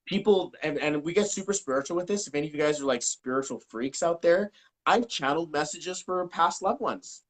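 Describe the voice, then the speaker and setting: A man speaking as a numerology coach in a casual live-stream interview, talking in an animated way, cursing and acting out what people said. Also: a little high, a little fast, rough recording. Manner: animated, swears, acts out quotes. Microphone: video call.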